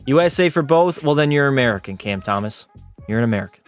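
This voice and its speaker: Speaking fast over faint music, this Canadian gaming streamer has a clear, resonant voice. He's chatty and bantering, reading viewer messages aloud and replying with lively leaps in pitch.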